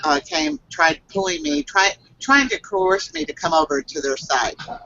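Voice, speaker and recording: A woman who works as a psychic reader tells a personal story on a video call, halting and earnest, with many fillers and restarts. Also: fairly low pitch, big pitch swings, gravelly, sharp tone, lo-fi sound, a little hiss or hum.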